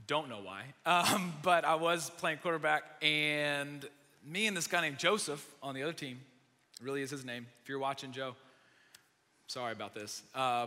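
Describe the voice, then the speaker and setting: A young male pastor preaching, his voice bright and forceful with a slightly raised pitch. He tells stories with animated, self-mocking humor. The sound rings with the long reverb of a large hall. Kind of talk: sermon.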